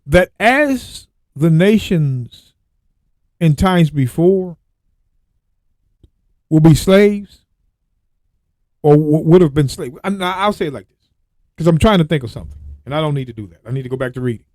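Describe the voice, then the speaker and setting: Animated man teaching from scripture. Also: a little high, dry recording. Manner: reads verses slowly, then exclaims and repeats points. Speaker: radio Bible teacher. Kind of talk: Bible teaching with scripture reading.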